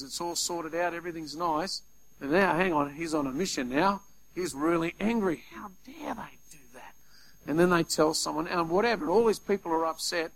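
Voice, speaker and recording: Brief: male preacher, fairly high voice, animated sermon delivery with acted-out asides. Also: poor audio. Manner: animated, acts out little scenes in quoted voices.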